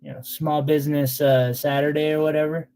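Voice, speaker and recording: A man's voice: on the high side, little pitch movement, brisk, dark tone. Chatty man selling gems on a stream. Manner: chatty and sentimental, with loose fillers. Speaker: gemstone seller on a live sale stream. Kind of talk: casual live sales chat.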